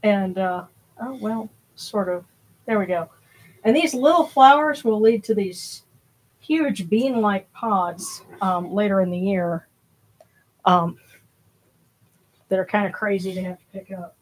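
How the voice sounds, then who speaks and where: A woman's voice: medium pitch, a little slow, pauses often, breathy edge. A woman hosts a spiritual livestream in casual, rambling chat, a little out of breath. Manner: rambling, with many fillers and restarts.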